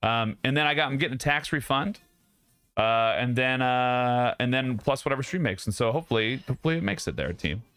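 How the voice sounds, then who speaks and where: A young man hosts a stream, joking and laughing as he rambles to his viewers. His voice is bright and forward. The sound is dry and close. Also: mid-range voice, lively intonation, fairly quick, smooth, no room sound. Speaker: streamer host. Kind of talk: casual chat with stream viewers. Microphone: studio mic.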